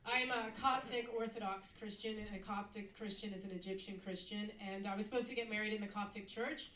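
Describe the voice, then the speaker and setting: A woman performing a stand-up comedy set on a club stage, mixing a deadpan delivery with sudden loud mock outbursts. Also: mid-range voice, fairly quick. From United States. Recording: echoey club recorded from a distance.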